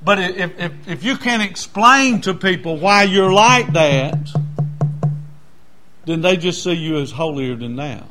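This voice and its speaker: A folksy preacher delivers his sermon in a high, bright voice. He speaks in a plain, homespun manner. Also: expressive, unhurried, soft background music. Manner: folksy, storytelling, acts out voices in anecdotes.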